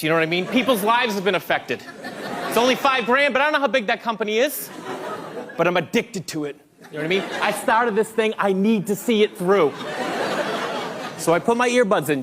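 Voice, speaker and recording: A man telling a stand-up comedy story, animated and acting out the voices of people in it, recorded live on stage. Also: sits high. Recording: live crowd and noise on a played clip.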